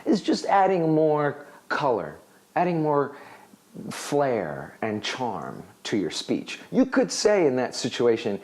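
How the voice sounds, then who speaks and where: A man's voice: mid-range voice, slow pace. A man presenting a video lesson that explains an English phrase. He talks with plenty of energy and acts out his examples. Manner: animated, acts out example dialogues. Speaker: English teacher.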